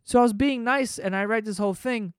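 Man host, rambling profane storyteller, slightly high voice, dry close sound. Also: a little fast, clear, resonant tone, no room sound. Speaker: podcast host. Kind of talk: casual storytelling.

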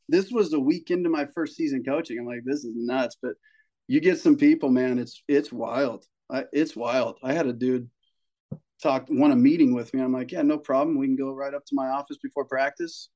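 A young adult man, a high school baseball coach, casually telling a story on a podcast, swearing and acting out the people in it. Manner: animated storyteller, swears, acts out quoted people.

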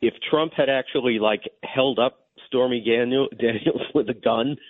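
A male legal commentator calls into a radio talk show as a guest, arguing in a measured way over the phone line with frequent restarts. His voice is mid-range and the recording is dry.

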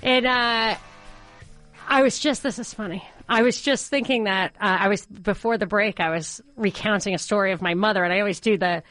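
A woman hosting a talk radio show from a studio, chatty, quick with asides and often laughing. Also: medium pitch, fairly bright tone, dry recording, faint music behind. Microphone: studio microphone.

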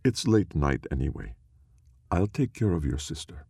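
A man's voice: a bass voice, big pitch swings, moderate pace, creaky, warm tone, husky, dry recording, clean studio sound, exaggerated voice. A man voicing a harsh-voiced, blunt village woman in a storybook reading.

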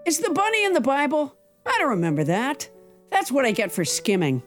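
A woman's voice: high voice, very animated, brisk, faint music behind. A woman co-hosting a comedy podcast, delivering dry wisecracks and comic asides. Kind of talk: stand-up style comic monologue and banter.

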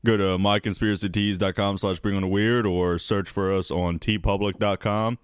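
A man's voice: lowish voice, moderate pace, smooth, no echo, studio quality. Wry, swearing male podcast co-host. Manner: wry, swears casually, deadpan asides. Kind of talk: casual podcast banter.

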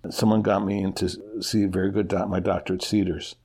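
Man, middle-aged, husky, gravelly, candid interview guest, halting speech. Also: sits low, flat delivery, darkish tone. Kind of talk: personal storytelling in an interview.

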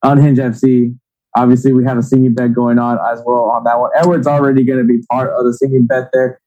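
A man's voice: mid-range voice, level tone, quick pace, warm tone, muffled recording. A man co-hosting a sports podcast, rambling and teasing in casual chat. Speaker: podcast co-host.

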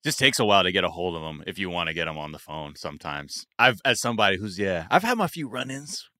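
Animated, profane man with a bright voice. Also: low voice, fast talker, no echo, clean studio sound. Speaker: podcast co-host. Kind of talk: casual chat.

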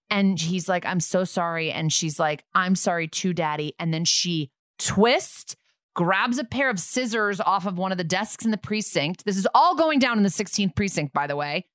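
A young adult woman co-hosting a podcast, chatting casually and recapping a TV episode in a lively storytelling way, acting out the characters' lines. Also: medium pitch, moderate pace, dry recording, clean studio sound. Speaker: podcast co-host.

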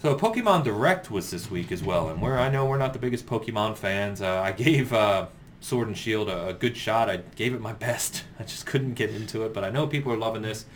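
A man with a fairly low voice talks through the week's gaming news in an easy, conversational way, laughing along with his co-host. A faint hum of noise sits under the recording. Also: brisk. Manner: relaxed, chatty, laughs often. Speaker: podcast co-host. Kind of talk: casual gaming news chat.

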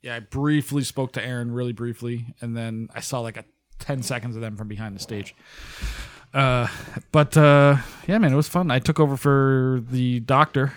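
A man chatting casually as a podcast guest, relaxed and rambling, laughing often. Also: mid-range voice, moderate pace. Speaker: guest and pipe band member. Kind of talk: casual chat.

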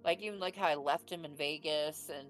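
A woman's voice: deep voice, a little fast, soft background music, rough recording. A woman in her late forties telling a personal story in a rambling, casual way, full of filler words. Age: 40s. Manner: rambling, full of "you know" and "like".

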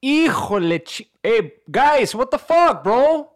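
A man voicing a hot-tempered, foul-mouthed baseball coach with a Mexican-American English accent, yelling and cursing at his players. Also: extremely high pitch, sing-song, slow pace, pitched above the performer's own voice, heavily acted. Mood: angry scolding. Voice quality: loud, cursing, scolding.

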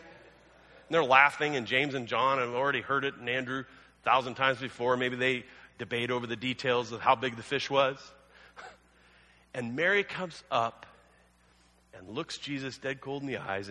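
A man's voice: mid-range voice, pushed and bright. A man preaching a sermon as a pastor, telling the story conversationally with humorous asides. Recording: long hall reverb.

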